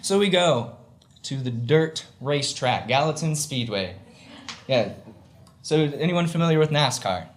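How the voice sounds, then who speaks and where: A man's voice: on the high side, expressive, measured pace. A young man spins a comic tale live on stage, his words loose and tumbling with "like" and "you know". He chuckles through the funny bits, and faint room noise sits under his voice. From Southern United States. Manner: chatty, filler-heavy, laughs while telling. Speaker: storyteller. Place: stage before a live audience.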